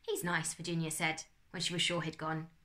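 A woman teacher, reading a class story aloud with expressive storytelling. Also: deep voice, a little fast.

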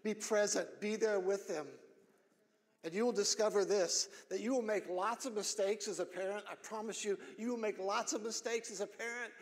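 A middle-aged man preaching a sermon as pastor, earnest, repeating phrases and building up to shouted emphasis. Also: high voice, steady tone, moderate pace, big-room sound. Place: church sanctuary.

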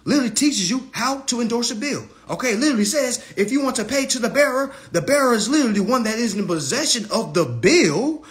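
Brash ranting man, high lively voice. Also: quick pace, hardly any pauses. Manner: brash, taunting, repeats "all right? okay?". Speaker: livestream host. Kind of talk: ranting livestream monologue.

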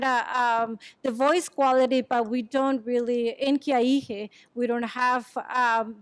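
A woman from Mexico whose first language is Chatino, answering audience questions after a talk at an academic conference, halting and searching for words as she explains. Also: sits high, no room sound. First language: San Juan Quiahije Chatino. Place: lecture room.

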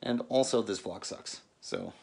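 Casting: middle-aged dad vlogger, lowish voice, easygoing and candid. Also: male voice, wildly swooping pitch, measured pace, vocal fry, a little mellow, husky. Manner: joking, turning earnest and reflective. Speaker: family vlogger. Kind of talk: casual vlog chat.

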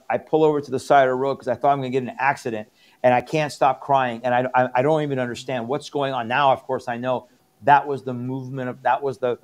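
A man's voice: medium pitch, darkish tone. A middle-aged man from Iran, a pastor, telling his conversion story in an interview with earnest, emphatic repetition. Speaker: pastor and guest. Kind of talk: testimony in an interview.

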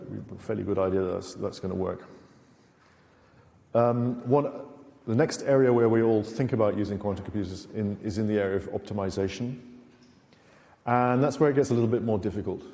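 A man's voice: lowish voice, brisk, creaky, mellow. A middle-aged British man giving a technical conference lecture in a university lecture theatre, with dry sarcastic asides and many fillers. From Britain. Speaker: conference speaker. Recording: reverberant lecture hall.

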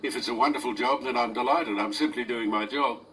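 A man in his eighties hosting talk radio, answering a hostile caller in a measured but indignant way. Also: medium pitch, sharp tone. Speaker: radio host. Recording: distant radio recording with faint noise.

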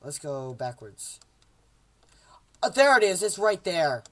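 A young man casually commentates a game he's playing at home, joking around and doing silly voices for the characters. His voice is fairly high and sing-song, and he speaks slowly.

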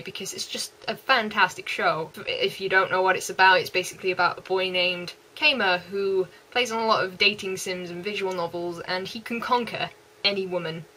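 Young west country woman, vlogging, super excited, repeats herself lots, clear bright tone. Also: on the low side, low-quality recording. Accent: West Country English. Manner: gushing and excitable, many repeats. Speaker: anime vlogger. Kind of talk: casual chat.

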